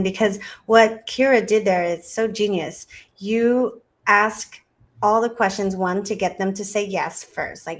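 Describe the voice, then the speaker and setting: A woman with a mid-range voice hosts a podcast. She sums up her guest's advice with eager enthusiasm, breaking her sentences with small fillers and restarts. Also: mid-range voice. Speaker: dentist, podcast host. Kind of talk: podcast interview reaction and recap.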